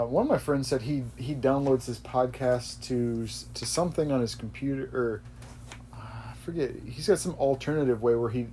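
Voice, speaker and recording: A man's voice: medium pitch, mellow, slight background noise. A man hosting a podcast, chatting casually in a rambling way that often corrects itself. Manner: rambling, self-correcting, laughs easily. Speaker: podcast host. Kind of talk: casual chat.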